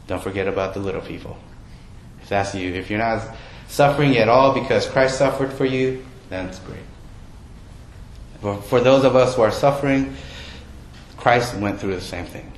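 A man preaching a sermon in a conversational way, often asking his listeners questions. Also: fairly low pitch. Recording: roomy with faint background noise.

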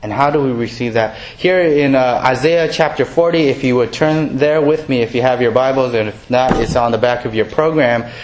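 A man delivering a sermon to his congregation, relaxed and conversational, with a middling voice. He slips into quick acted-out quotes and pokes fun at his own jokes. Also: medium pitch, a little hiss or hum. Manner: conversational, self-deprecating, acts out quoted voices. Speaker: pastor.

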